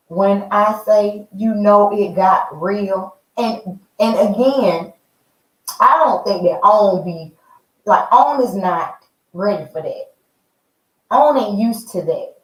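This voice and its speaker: A woman chatting in an animated way as she reviews a reality show, calling her viewers "y'all" and "honey.". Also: mid-range voice, slow pace, pauses often. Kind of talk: casual chat. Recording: roomy, mic at a distance.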